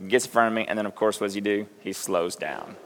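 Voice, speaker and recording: A man's voice: lowish voice, quick pace, a bit bright. A middle-aged male pastor giving a conversational sermon in a church, telling self-deprecating stories and asking the congregation direct questions. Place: church sanctuary. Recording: long hall reverb.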